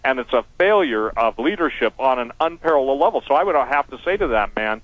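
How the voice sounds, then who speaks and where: A man's voice: mid-range voice, quick pace, hardly any pauses, no room sound, lo-fi sound. A man as a guest on a talk radio show, speaking emphatically and animatedly. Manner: emphatic, animated, quotes people in voices. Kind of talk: radio interview over a line.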